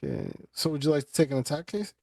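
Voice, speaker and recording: A man as game master, narrating and explaining rules in a relaxed, conversational way. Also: fairly high pitch, rapid-fire, creaky, no room sound, low-quality recording. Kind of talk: running a tabletop game.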